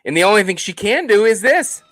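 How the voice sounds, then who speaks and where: Animated man chatting on a live stream. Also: high voice, brisk, dry recording, soft background music. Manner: animated and jokey, many fillers and restarts. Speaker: host of a horror movie channel. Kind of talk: casual live-stream chat, reading viewer comments.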